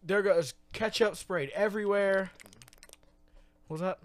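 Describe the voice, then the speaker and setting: A man's voice: sits high, unhurried, slight background noise. A man co-hosting a comedy podcast, chiming in with jokes and sound effects during a casual movie recap. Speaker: podcast co-host.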